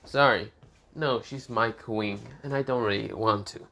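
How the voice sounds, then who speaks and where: A man voicing a sinister, smug young male demon lord who drawls his words slowly and mockingly. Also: fairly low pitch, vocal fry, bright, forceful tone, full character voice. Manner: slow, drawn-out mocking delivery.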